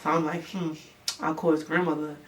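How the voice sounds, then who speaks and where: A young woman from New York, casually telling a story, animated and swearing, acting out the voices. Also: low voice, a little fast. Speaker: rapper. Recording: distant mic, background noise.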